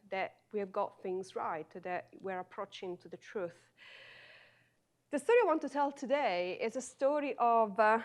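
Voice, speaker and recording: A woman in her forties with an Italian accent gives a university lecture. She speaks slowly and carefully and often pauses on filler sounds. Her voice sits at a middle pitch. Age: 40s. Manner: deliberate and slow, with frequent "uh" fillers. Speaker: guest lecturer, philosophy professor. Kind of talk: academic lecture.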